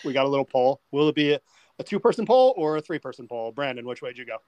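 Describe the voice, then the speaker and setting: A man's voice: medium pitch, big pitch swings, quick pace, clean tone, lo-fi sound. A rambling man hosting a movie podcast. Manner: rambling, repeats words while thinking. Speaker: podcast host. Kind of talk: casual movie podcast chat.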